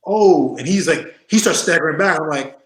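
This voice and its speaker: Animated man telling road stories. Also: on the high side, normal speed, roomy sound, rough recording. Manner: animated storyteller, acts out voices, laughs often. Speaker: interview guest, former wrestler. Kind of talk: casual storytelling interview.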